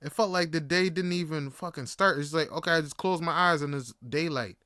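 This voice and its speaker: Brief: male podcast host, bright crisp voice, animated and swearing freely, dry close mic. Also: on the high side, a little fast, dry recording. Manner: animated, profane, laughing. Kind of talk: casual storytelling.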